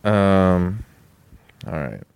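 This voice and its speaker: A man's voice: low voice, big pitch swings, very slow, gravelly, a little mellow, clear, resonant tone, dry recording. A man casually chatting as a podcast co-host, rambling, swearing and laughing often. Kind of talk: casual comedic chat.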